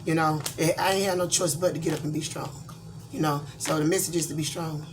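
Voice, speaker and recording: A woman's voice: low voice, fairly even intonation, quick pace, noisy background. A middle-aged woman from Georgia, talking in a candid, rambling way as a tarot reader in a casual vlog. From Georgia, USA. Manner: blunt, candid, rambling with many fillers.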